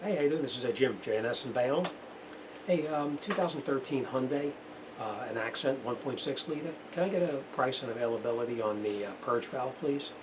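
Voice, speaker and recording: Blunt New mechanic in a noisy shop. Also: male voice, mid-range voice, brisk. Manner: casual, blunt, talks the viewer through each step. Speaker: auto mechanic. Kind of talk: hands-on repair demonstration. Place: auto repair shop.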